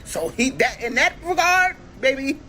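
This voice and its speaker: A woman telling a dating story, animated, acting out both sides of the conversation. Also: high-pitched, moderate pace, a crowd in the background. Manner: animated, quoting others in exaggerated voices. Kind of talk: storytime vlog.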